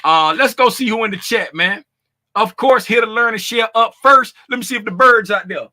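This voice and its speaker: A man with a high, very bright and cutting voice runs a casual livestream, calling out chat names one after another. He talks loud and animated, slangy and conversational, laughing often. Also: normal speed. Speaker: trading livestream host.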